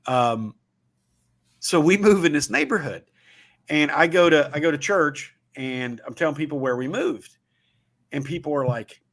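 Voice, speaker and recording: Brief: male show host, Southern Ohio accent, a bit higher voice, chatty and folksy storyteller. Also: animated, measured pace, long pauses, fairly bright tone. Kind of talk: casual livestream talk.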